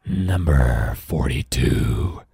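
A man voicing a big, scary male monster in a children's story, with a slow, breathy half-whisper. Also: rumbling low, expressive, dark tone, dry recording, studio quality, voice pushed down, full character voice. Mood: eerie.

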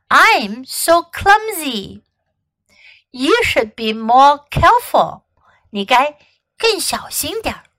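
Bright, lively woman teaching kids. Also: sits high, dry recording. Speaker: English teacher and podcast host. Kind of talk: children's English lesson.

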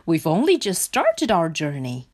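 Woman reading as a no-nonsense male rat, brisk and stern, slow careful delivery, storybook voice. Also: fairly low pitch, huge pitch swings, darkish tone, full character voice. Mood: firm. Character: firm adventurous male rat leader.

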